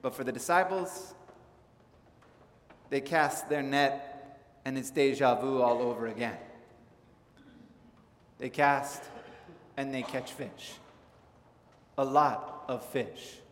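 Male pastor from Southern California, mid pitch, chatty sermon delivery, echoey hall. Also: takes it slowly, long pauses, a little hiss or hum. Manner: conversational storytelling, animated in anecdotes. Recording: echoey hall with faint ambience.

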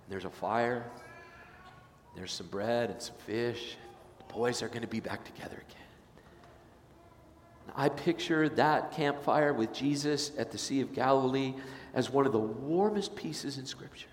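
A male pastor preaching a sermon in a casual storytelling way, slipping into the voices of the people he describes. His medium-pitched voice fills a large sanctuary. It comes back with a long, roomy reverb. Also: unhurried, long pauses, a little hiss or hum. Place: church sanctuary.

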